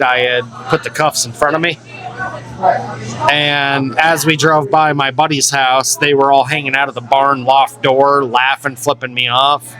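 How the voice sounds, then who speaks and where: A man's voice: mid-range voice, rough recording. A man telling a wild, profane story in casual bar talk, acting out the voices of the people in it. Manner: profane, animated, acts out quotes. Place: local bar.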